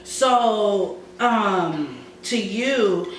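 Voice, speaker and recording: A very slow-paced co-host who listens closely, keeps affirming the other speaker, and asks careful questions. The voice sits well back from the mic in a very echoey room, with a faint hiss. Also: mid-range voice, expressive, distant mic. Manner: attentive, frequent affirmations. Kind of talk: casual discussion.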